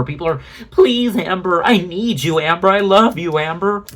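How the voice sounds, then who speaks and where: A man's voice: fairly high pitch, breathy edge. A man doing a ranting commentary video, sarcastic and exasperated, with frequent swearing. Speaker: commentary YouTuber.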